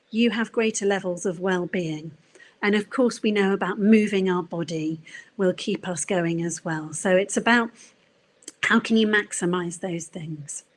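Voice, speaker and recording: A middle-aged woman giving a career coaching talk at a conference, gentle and encouraging, with frequent fillers. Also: fairly high pitch, rough recording. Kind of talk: conference presentation.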